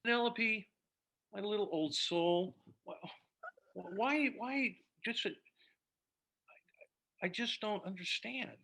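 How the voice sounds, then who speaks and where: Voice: medium pitch, takes it slowly, long pauses, bright, forceful tone, full character voice. An actor playing a flustered, stammering father in an amateur radio play, melodramatic in manner. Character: blustering, fussy middle-aged father.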